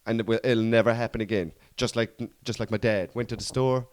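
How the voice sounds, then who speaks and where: A man's voice: lowish voice, fairly even intonation, fairly quick. An Irish man, a comedian co-hosting a podcast, telling stories in casual chat, swearing and laughing often. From Ireland. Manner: swearing, joking storyteller who laughs often.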